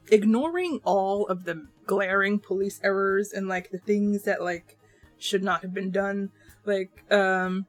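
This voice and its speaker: Young woman book vlogger, mid-pitch, chatty rant, faint music bed. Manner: animated, ranting, lots of "like" fillers. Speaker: book reviewer. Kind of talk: casual book wrap-up rant to camera.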